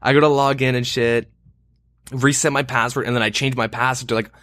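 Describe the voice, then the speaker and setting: A young man tells a long story on a podcast, full of fillers and loose asides, swearing freely. His voice sits at an ordinary middle pitch. The sound is close and dry, with almost no room echo. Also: steady tone, brisk, a bit bright. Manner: rambling, swears often, many fillers. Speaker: podcast co-host. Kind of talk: casual storytelling chat.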